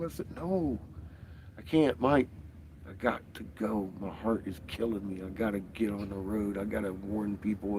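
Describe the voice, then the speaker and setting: A man's voice: mid-range voice, creaky, slight background noise. A man hosting a casual livestream, ranting in a profane, rambling way and laughing often. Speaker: livestream host.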